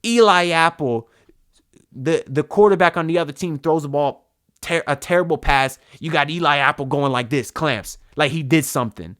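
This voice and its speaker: A man's voice: on the high side, fairly quick, fairly bright tone. A young man venting in a ranting, frustrated way about his football team, often repeating words as he talks. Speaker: sports fan vlogger. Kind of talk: ranting sports vent.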